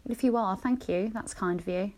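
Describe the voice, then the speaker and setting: A woman's voice: medium pitch, normal speed, darkish tone. A woman co-hosting a casual podcast, playful and giggly as she chats through a guessing game. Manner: playful, giggly, puts on a loose southern-style accent. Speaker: podcast co-host.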